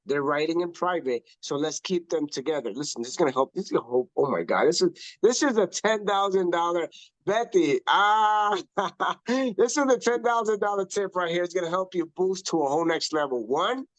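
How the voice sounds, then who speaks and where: A man coaching on social media in a casual online talk, emphatic and animated, often repeating himself for effect. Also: sits high, normal speed, dry recording. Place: online video call. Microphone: video call.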